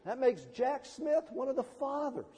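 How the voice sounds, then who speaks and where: High-pitched preacher man in a reverberant hall. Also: normal speed, noisy background. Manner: preaching with wide swings in pitch and loudness, voicing quoted people. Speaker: pastor. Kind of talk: sermon. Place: church.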